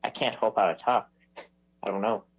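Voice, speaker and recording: A man arguing as a guest on a stream, talking quickly and hesitantly with lots of filler words. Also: fairly low pitch, slightly rough, rough recording. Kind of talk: heated online argument.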